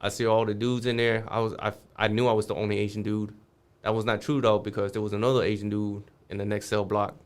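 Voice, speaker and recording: A man's voice: fairly low pitch, level tone, fast, hardly any pauses, clear, resonant tone. A man guest on a podcast, telling a street story casually, swearing freely and acting out the voices of the people in it.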